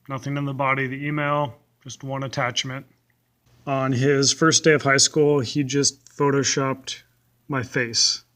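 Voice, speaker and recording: A man's voice: medium pitch, sharp tone. A young male teacher telling funny stories from school in a casual way, with dry, self-mocking humor. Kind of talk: casual storytelling to camera.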